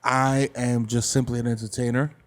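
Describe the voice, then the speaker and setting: A man playing a stiff, formal entertainer who talks slowly in a lowered voice to a suspicious neighbor. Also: level tone, natural voice. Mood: stiffly formal.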